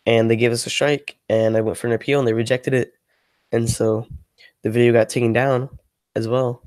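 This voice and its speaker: A man's voice: mid-range voice, flat delivery, brisk, darkish tone, no room sound. A man ranting casually on a livestream, rambling and frustrated, with lots of filler words and free swearing. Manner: swears freely. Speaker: ASMR channel creator, livestreaming.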